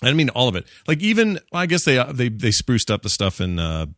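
A man hosting a relaxed movie talk, his voice rising and falling widely as he jokes. The sound is close and dry, with no room around it. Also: mid-range voice, a little fast, no room sound. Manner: animated, jokey, puts on silly voices when quoting. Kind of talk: casual movie chat.

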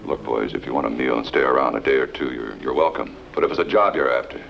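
An actor playing a terse, wary Western rancher in an old radio drama, with a gravelly voice. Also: male voice, very deep voice, fast, fairly bright tone, soft background music, heavily acted. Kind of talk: 1940s radio drama acting.

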